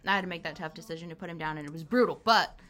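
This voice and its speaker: A young woman co-hosting a podcast chats casually in a deep, fairly bright voice, speaking very fast. She is laid-back, with dry humor and frequent laughter.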